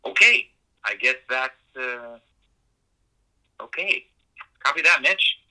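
A man's voice: medium pitch, animated, slow, pushed and bright, exaggerated voice. An actor playing a timid, eager-to-please male assistant who stammers and hesitates, heard over a tinny phone-like line. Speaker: assistant character.

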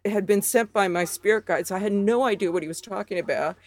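A woman telling a comic personal story in an animated, wry, self-mocking way. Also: medium pitch, fast, no room sound. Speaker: guest storyteller.

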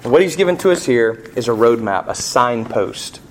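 Middle-aged male pastor, animated preacher, big pitch swings, rhetorical questions. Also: moderate pace, slight background noise. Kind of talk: sermon.

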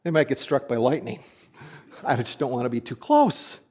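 A man preaching an animated sermon as a pastor, often restarting his sentences as he explains a passage to his congregation. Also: mid-range voice, moderate pace, muffled recording.

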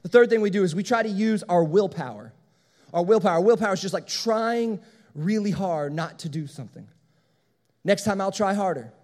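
A man's voice: sits high, lively intonation, a little fast, darkish tone, in a large hall. A young man preaching a sermon to a room, in a conversational, illustrative way, repeating his points. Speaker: speaker at a church service.

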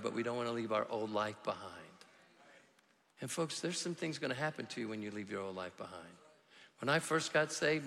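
A man preaching a sermon as a pastor, telling stories and swinging from quiet asides to shouted emphasis. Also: a little high, big-room sound. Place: large church hall.

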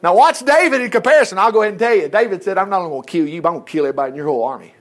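A man delivers a sermon with a high, bright-sounding voice that swoops all over as he tells the story. He acts out the quotes and chuckles between lines. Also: lively intonation, very fast. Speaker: preacher.

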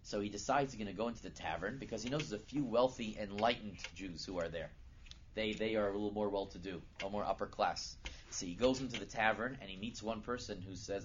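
A man giving a sermon as a lively storyteller who builds to loud, emphatic peaks. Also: fairly low pitch, fairly quick. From United States. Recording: dull lo-fi recording with faint noise.

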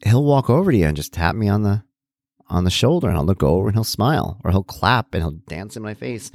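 A man's voice: fairly low pitch, animated, fairly quick, creaky, darkish tone, no echo, clean studio sound. A man hosting a solo talk, reflecting conversationally with many asides and restarts. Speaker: podcast host, parent.

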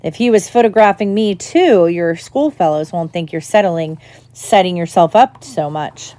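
A woman's voice: on the low side, moderate pace, dark tone, no echo, close to an everyday voice. A woman voicing a vain, pompous grown male teacher who talks jovially and patronizingly. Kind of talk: audiobook character voice.

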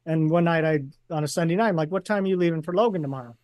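A man's voice: fairly high pitch, rapid-fire, darkish tone, dry recording, clean studio sound. Man walking through his list of points. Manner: explains points in a numbered list. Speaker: podcast guest. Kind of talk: casual chat.

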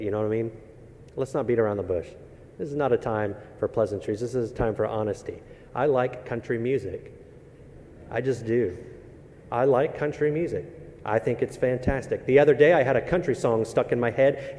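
A man's voice: mid-range voice, normal speed, mellow. A male pastor preaching a sermon in a church, reading scripture and praying, then moving into a casual, joking talk with the congregation. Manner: conversational, joking asides between scripture and prayer. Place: church sanctuary. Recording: long hall reverb.

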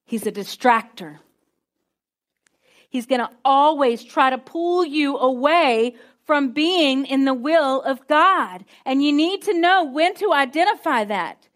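High-voiced woman preaching to students. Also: expressive, slow. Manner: call-and-response, conversational, emphatic. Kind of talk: sermon to students.

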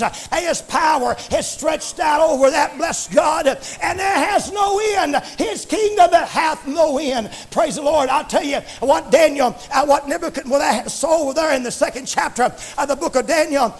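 A male preacher delivering a fervent sermon in a church, breaking into frequent praise interjections. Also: very high-pitched.

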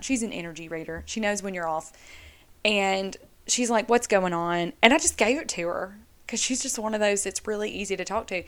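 A woman hosting a solo podcast, talking earnestly and casually to her listeners. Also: medium pitch. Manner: earnest, chatty, addresses listeners as y'all. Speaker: podcast host.

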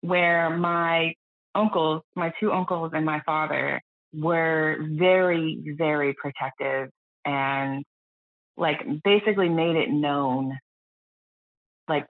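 A woman from the United States speaking candidly as a podcast guest, earnest and reflective, often quoting others in a lowered voice. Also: fairly even intonation, slow pace, no echo. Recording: dry, phone-like lo-fi audio.

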